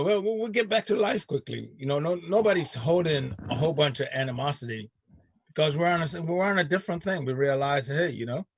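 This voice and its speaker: A man's voice: a little high, husky, no room sound. A man hosting a casual chat show, laid-back and slangy, laughing often. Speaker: show host.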